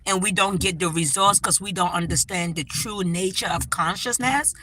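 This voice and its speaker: A woman's voice: fairly low pitch, moderate pace, pushed and bright, a little hiss or hum, low-quality recording. A woman hosting a casual spiritual livestream, talking with feeling and often checking in with "right?". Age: adult parent. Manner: emotional, tearful at times, many "right?" asides. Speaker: livestream host.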